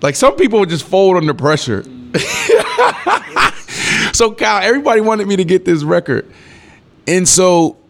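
A man's voice: high voice, moderate pace, creaky. A man in his thirties, a former pro football player, telling a story in a casual interview, acting out quotes and laughing. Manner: animated storyteller who acts out quotes, swears, laughs. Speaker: former NFL wide receiver, guest.

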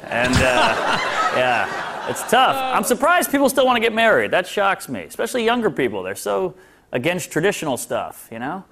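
A man's voice: sits high, wildly swooping pitch, moderate pace. A man in his thirties doing a stand-up set, wry and sarcastic, mimicking people he mocks. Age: 30s. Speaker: stand-up comedian. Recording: live club with loud crowd and noise. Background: audience laughter.

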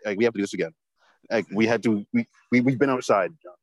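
A man's voice: lowish voice, fast, no room sound, rough recording. A man telling a rambling story in casual chat, swearing heavily and filling his talk with "like.". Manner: rambling, heavy swearing, lots of fillers.

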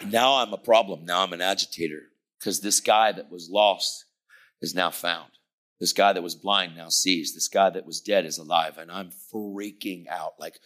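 Middle-aged preacher, low voice, animated testimony with whispered asides. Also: male voice, moderate pace. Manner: animated storytelling, acts out dialogue, drops to whispers. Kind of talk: testimony sermon.

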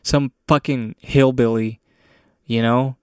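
A man's voice: mid-range voice, fairly even intonation, slow pace, smooth, no echo, clean studio sound. A young man hosting a podcast, ranting alone in a crude, heavily profane and sardonic way. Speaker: podcast host. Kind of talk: profane solo rant.

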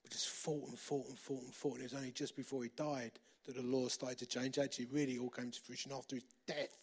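A middle-aged man preaching a sermon, repeating phrases for emphasis and moving between loud and hushed delivery. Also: medium pitch, level tone, fast, slightly rough. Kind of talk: sermon with storytelling.

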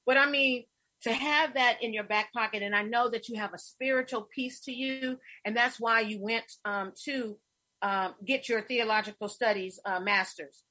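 Middle-aged woman host, husky bright voice, effusive storyteller, casual chat. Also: on the high side, fairly even intonation, normal speed.

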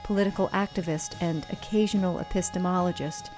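A woman hosting a radio show, calmly reading the introduction and sign-off. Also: fairly low pitch, brisk, over music.

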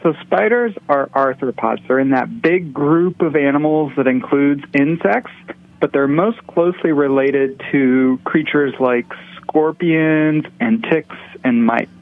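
A man with a somewhat high voice explains his field calmly and informatively. He is heard over a tinny phone line. His answers come in a steady, teaching manner. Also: measured pace, vocal fry, no room sound. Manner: calm, informative. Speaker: guest expert, professor.

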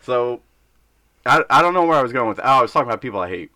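A man's voice: mid-range voice, animated, rapid-fire, bright, forceful tone, dry recording. A young man co-hosting a casual podcast, bluntly ranting about his job and breaking into acted-out voices. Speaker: podcast co-host.

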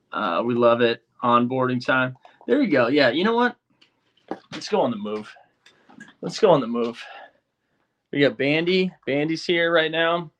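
A man's voice: mid-range voice, a bit bright, highs cut off. A young man hosting a livestream, talking to his chat casually and sounding frustrated and restless. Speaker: livestream host.

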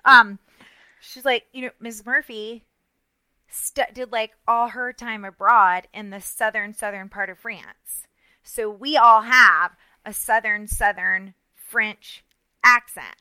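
Middle-aged woman, somewhat high and bright; animated, self-deprecating podcast storyteller. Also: slow, clear, resonant tone, dry recording, rough recording. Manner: self-mocking, animated, many restarts and asides. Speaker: podcast co-host. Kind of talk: casual storytelling chat.

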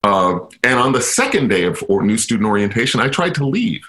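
A man's voice: fairly low pitch, very animated, fairly quick, a bit bright. A man from Chicago, a guest on a radio interview, telling a personal story in a reflective, self-deprecating way. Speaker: guest, university inclusion officer.

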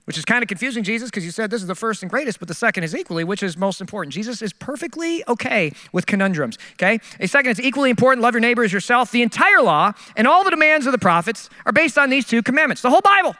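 Animated middle-aged preacher in a hall. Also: male voice, very high voice, rapid-fire, hardly any pauses. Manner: storytelling, self-mocking, animated. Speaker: pastor. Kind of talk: sermon.

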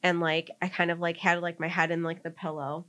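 A woman's voice: on the low side, flat delivery, brisk, sharp tone. A young woman co-hosting a podcast, telling a personal story in casual chat, full of "like" fillers and getting tearful. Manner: heavy use of "like" as filler, emotional and tearful. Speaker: podcast co-host.

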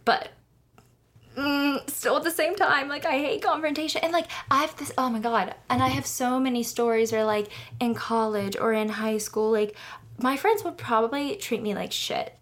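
A woman's voice: sits high, steady tone, moderate pace, fairly bright tone. Rambling young woman in casual chat. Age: 20s. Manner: rambling, many fillers, candid and swears casually. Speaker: podcast co-host.

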